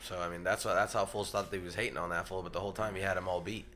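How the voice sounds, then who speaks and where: A man's voice: low-pitched, steady tone, rapid-fire, bright, forceful tone. A man in casual podcast chat who argues insistently and swears freely.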